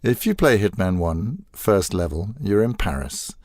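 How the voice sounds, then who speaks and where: An older man, a voice actor guest telling animated stories in a casual interview and acting out quoted lines. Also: deep voice, unhurried, no room sound, clean studio sound. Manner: animated storyteller, acts out quoted lines, laughs often.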